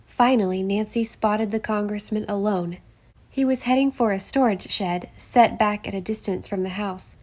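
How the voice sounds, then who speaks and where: A woman reading a mystery audiobook aloud in steady, measured narration. Her voice sits at an ordinary middle pitch, and she tells the story evenly. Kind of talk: scripted narration.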